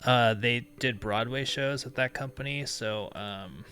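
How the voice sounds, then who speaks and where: A man's voice: medium pitch, a little slow, pushed and bright. A man hosting a call-in talk show, telling rambling anecdotes and laughing through them. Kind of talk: casual storytelling chat.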